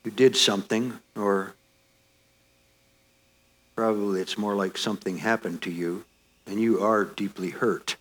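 A man's voice: lowish voice, fairly even intonation, unhurried, long pauses. A man preaching a sermon, speaking straight to his listeners with repeated rhetorical questions. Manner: earnest, direct address with rhetorical questions.

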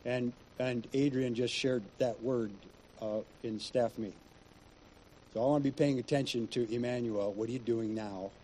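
A man's voice: medium pitch, steady tone, moderate pace, dark tone, a little hiss or hum, rough recording. A male pastor preaching in a conversational, storytelling way. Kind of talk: sermon.

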